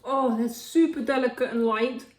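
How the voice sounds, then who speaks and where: A woman hosts her own cooking vlog, chatting to viewers in a bright, high voice as she bakes and tastes. She's bubbly and giggles easily, and her home kitchen gives the sound a noticeable echo.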